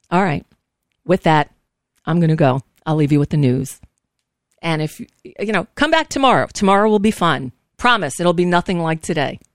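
A woman's voice: on the low side, animated, normal speed, pauses often, no echo, studio quality. A woman hosting a political talk show, emphatic and outspoken, cursing freely and sounding frazzled and worn out. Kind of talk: political talk radio, casual and heated.

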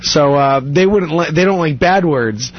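A man's voice: fairly high pitch, expressive, measured pace, lo-fi sound. A man telling stories in a casual chat, rambling and laughing often. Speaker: guest.

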